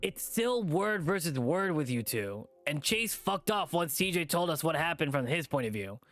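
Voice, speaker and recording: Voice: mid-range voice, big pitch swings, moderate pace, fairly bright tone. A streamer reading a visual novel aloud with casual, profane asides.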